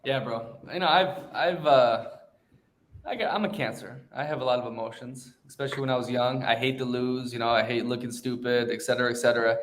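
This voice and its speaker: A young man talks casually on a podcast in a middle-pitched voice, blunt and full of swearing. He tells stories with animated emphasis and a straightforward, confident delivery. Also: brisk. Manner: blunt, profane, animated storytelling. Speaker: podcast host.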